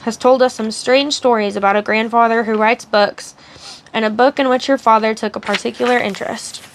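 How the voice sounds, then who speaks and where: Cruel, sneering male henchman, soft-voiced menace, read by a woman in a slightly high voice. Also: steady tone, brisk, a little hiss or hum, lightly acted. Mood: scornful. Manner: sneering, taunting.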